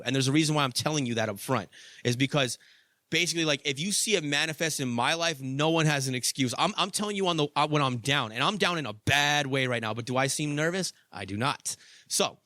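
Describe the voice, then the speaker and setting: A man's voice: mid-range voice, bright, forceful tone, no echo, studio quality. A young adult man hosting a podcast, telling a story in a casual monologue, swearing freely and padding with "like" and "you know.". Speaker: podcast host.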